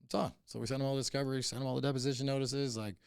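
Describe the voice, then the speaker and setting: A man's voice: medium pitch, little pitch movement, very fast, creaky, clean tone, dry recording, clean studio sound. A middle-aged man, a company boss on a podcast, telling a story bluntly and heatedly with heavy swearing. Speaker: cannabis company CEO, podcast guest. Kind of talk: casual interview storytelling.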